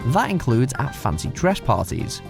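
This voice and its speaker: A man's voice: medium pitch, very animated, moderate pace, vocal fry, faint music behind. Wry male list narrator. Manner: wry, sardonic, dry. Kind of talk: scripted narration.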